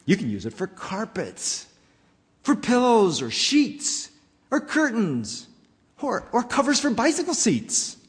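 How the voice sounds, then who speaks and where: Guy reading a pushy greedy businessman, high and bouncy, storybook rhymes, echoey hall. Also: wildly swooping pitch, slow pace, heavily acted. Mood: brash. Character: greedy male businessman, brash and dismissive.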